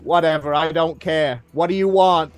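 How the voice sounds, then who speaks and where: A man voicing a cold, sneering older villain who drawls slowly and smugly, with hesitant pauses. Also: on the high side, fairly even intonation, clean tone, faint music behind, pitched above the performer's own voice, natural voice. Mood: dismissive. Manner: smug, slow, drawling, hesitant.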